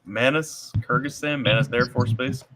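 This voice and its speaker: A man's voice: mid-range voice, normal speed, background noise. A man, an army veteran, telling a long casual story, often repeating words as he goes.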